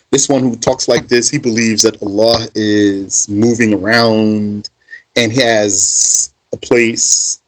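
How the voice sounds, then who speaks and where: A man's voice: fairly low pitch, fairly bright tone, rough recording. A man teaching a religious text, reading Arabic passages aloud and then explaining them in conversational, emphatic English. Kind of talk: reading and translating a text line by line.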